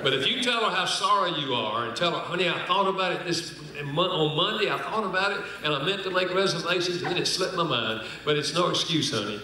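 A man's voice: on the high side, animated, normal speed, heavy background noise. An older man speaking at a conference, teaching with stories and acting out the quoted lines, joking with the audience. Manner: storytelling, acts out quoted lines, jokes with the audience. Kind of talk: sermon-style teaching with anecdotes. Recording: roomy hall audio from a distant mic.

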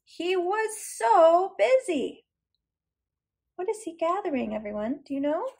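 High sing-song preschool teacher woman. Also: very animated, unhurried, gravelly, a little mellow. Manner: sing-song, encouraging, sounding out letters. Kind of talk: circle time lesson and read-aloud.

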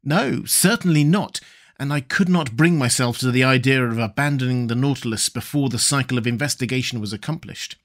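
A man narrating a classic adventure novel as an audiobook reader in a measured, steady way. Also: mid-range voice. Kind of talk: scripted narration.

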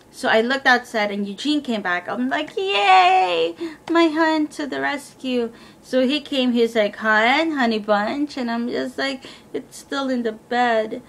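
A young woman tells a personal story in a loose, rambling way, full of fillers and quoted back-and-forth. Her pitch sits in an ordinary middle range. A faint low rumble hums under the recording. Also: fairly bright tone. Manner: rambling, filler-heavy retelling with quoted dialogue. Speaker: vlogger. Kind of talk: casual storytelling.

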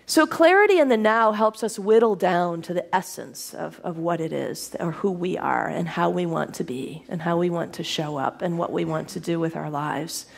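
A woman's voice: lowish voice, moderate pace, vocal fry, few pauses. Woman minister preaching a sermon. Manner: warm, laughing, conversational preaching.

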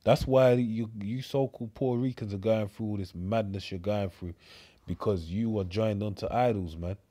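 Male preacher, Cockney accent, low dark voice, rambling scripture talk. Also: fairly even intonation, normal speed. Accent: London Cockney. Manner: rambling, repeats words, says "man" and "mate" often. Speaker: street preacher.

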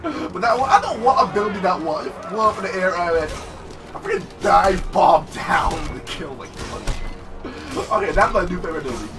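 Loud hammy young man gaming. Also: high voice, sing-song, moderate pace. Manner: hammy, shouting catchphrases and swearing. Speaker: gameplay streamer. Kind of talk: loud gameplay commentary. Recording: distant mic with game music behind.

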